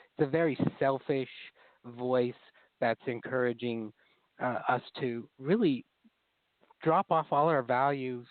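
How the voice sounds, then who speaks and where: A man's voice: mid-range voice, slow pace, no room sound, narrow, tinny audio. A man speaking as a therapist guest in an interview, explaining ideas in an earnest way and acting out inner critical voices.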